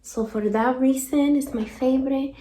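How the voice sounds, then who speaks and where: A woman's voice: high voice, fairly even intonation, normal speed, mellow, lightly acted. A woman voicing a chatty female salon stylist with a Spanish accent, rambling and dropping Spanish fillers. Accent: Spanish-accented English. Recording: roomy echo.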